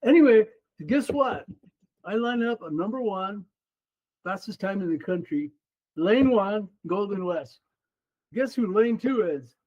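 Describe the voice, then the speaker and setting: High-voiced, animated older man. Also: unhurried, muffled recording. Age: 70s. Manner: lively, animated storyteller. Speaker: podcast guest, former runner and coach. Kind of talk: casual storytelling interview.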